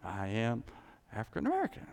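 Male pastor, sermon, animated and jokey, wide swooping pitch, gravelly edge, long reverb of a church hall. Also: a little fast. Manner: animated, jokey, acts out God's voice. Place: church sanctuary.

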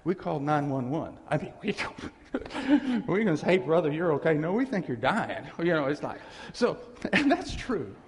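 A man's voice: fairly high pitch, very animated, a little slow. A middle-aged man preaching as pastor, telling rambling, folksy stories with laughing asides, in a church sanctuary. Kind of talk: storytelling sermon. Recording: long reverb of a church hall.

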